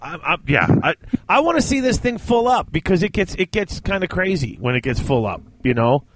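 Animated laughing man on a podcast. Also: high-pitched, brisk, background noise. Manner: animated, laughs often, many restarts. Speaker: podcast co-host. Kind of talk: casual chat about tabletop wargaming.

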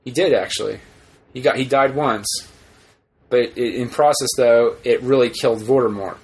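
A man co-hosting a podcast in casual chat, rambling and animated, often acting out quotes. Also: medium pitch, normal speed, rough recording. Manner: rambling, animated, acts out quotes in put-on voices. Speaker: podcast co-host.

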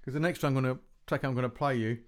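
A man's voice: mid-range voice, fairly even intonation, rapid-fire. A man hosting a podcast from a home recording room, chatting casually between tracks with rambling, self-deprecating asides and frequent restarts. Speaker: podcast host playing music tracks.

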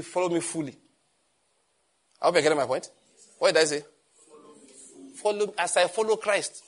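A man preaching a sermon as pastor, animated and emphatic, often firing rhetorical questions. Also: fairly high pitch.

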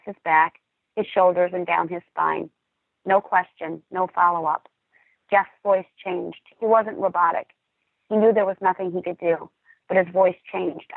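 A calm, earnest woman, a dispatcher, speaks on a podcast in a measured way. Her voice has a gravelly, fry-tinged edge. It comes through a thin, tinny, phone-like line in a dead, dry space. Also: on the low side, no room sound. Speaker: emergency dispatcher and podcast guest. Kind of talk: podcast talk, personal account.

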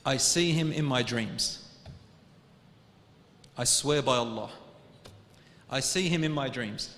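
A male preacher telling a personal story in an earnest sermon, his voice rising to loud urging and dropping to hushed tones, with Arabic religious phrases woven in. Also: mid-range voice, slow pace. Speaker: Islamic preacher. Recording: echoey hall.

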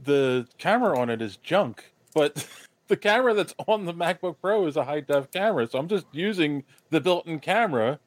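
A man's voice: on the high side, animated, moderate pace, dry recording. A man co-hosting a podcast in a casual chat, talking in a rambling way with lots of fillers. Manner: rambling, many fillers like "you know". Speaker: podcast co-host.

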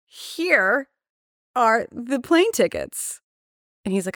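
A woman's voice: a little high, sing-song, slow, fairly bright tone, no room sound, studio quality. A woman, a podcast guest telling a story casually, swearing freely and acting out the voices of the people in it. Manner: candid, profane, acts out quoted dialogue.

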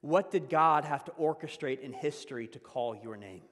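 A man preaching a conversational sermon as a pastor, laughing often and swinging between loud emphasis and hushed asides. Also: a little high, animated, normal speed, long reverb tail.

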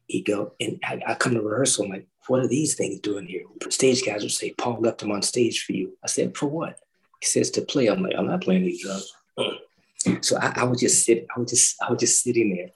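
A middle-aged man with a gravelly, fry-edged voice tells a story in a roundtable talk. He acts out what people said and sings drum rhythms aloud. His voice sits at an ordinary pitch for a man. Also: a little fast, rough recording. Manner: animated storyteller who acts out quotes and sings drum parts. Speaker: orchestral timpanist recalling his start.

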